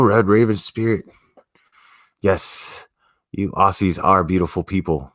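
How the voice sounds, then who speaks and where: A man's voice: sits low, big pitch swings, a little slow, dry recording, studio quality. Laid-back swearing man on a livestream. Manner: profane, laid-back, slangy, talking to chat. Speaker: livestream host. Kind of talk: casual livestream chat.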